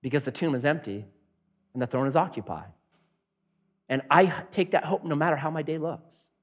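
A pastor delivering a sermon in a conversational, animated way, often asking the congregation questions. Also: male voice, a little high, moderate pace, long pauses.

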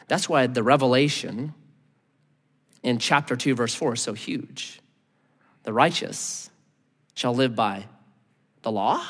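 A male pastor preaching a sermon in a lively manner, acting out the people he quotes. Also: mid-range voice, slow, pauses often, big-room sound. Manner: animated, acts out voices in quotes.

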